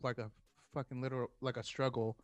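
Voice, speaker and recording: A man's voice: mid-range voice, quick pace, dry recording. A man in his thirties casually telling a story in a podcast chat, acting out what people said and laughing often. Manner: animated storyteller, acts out quotes, laughs often.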